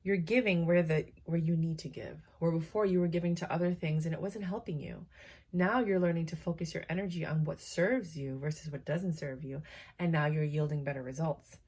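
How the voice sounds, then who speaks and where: A woman's voice: deep voice, steady tone, fairly quick, a little mellow, slightly rough. A woman giving a casual, chatty tarot reading to her viewers, tired and yawning, with many fillers and asides. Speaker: tarot reader.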